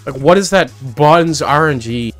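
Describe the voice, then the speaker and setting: Host type: rowdy, fairly high-voiced man riffing crudely over faint game music. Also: measured pace. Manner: excitable, crude joking, shrieking outbursts. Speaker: gaming channel host. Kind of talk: casual gameplay chat.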